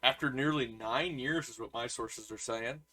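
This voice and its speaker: A man's voice: medium pitch, normal speed, bright, forceful tone. A man co-hosting a podcast, goofy and casual, stumbling as he reads joke news. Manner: goofy, stumbles over reading. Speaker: podcast co-host. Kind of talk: casual banter, reading news jokes.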